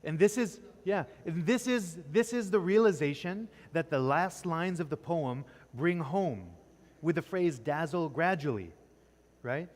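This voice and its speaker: A man with a fairly high, slightly mellow voice and lively intonation teaches a poetry class in a church classroom, speaking a bit slowly. He keeps testing his students and ends nearly every point with "right?" The recording carries a long echoing reverb.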